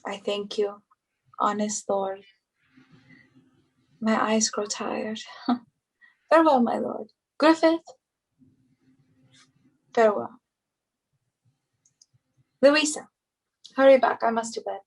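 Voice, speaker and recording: A woman's voice: on the high side, gravelly, a little mellow, full character voice, rough recording. A woman playing a weary dying queen. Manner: slow, tired, regal delivery. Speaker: stage actor. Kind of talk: Shakespearean stage acting.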